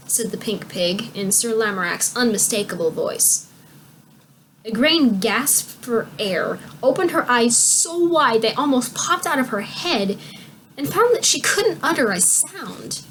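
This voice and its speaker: A young woman reading a children's book aloud, narrating clearly and expressively. Her voice sits on the higher side, with faint noise in the background. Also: measured pace, a bit bright. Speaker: storyteller.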